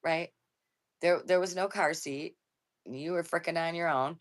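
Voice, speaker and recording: Low-voiced blunt older woman. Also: fairly even intonation, unhurried. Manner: blunt, joking, swears casually. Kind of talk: casual live-stream chat.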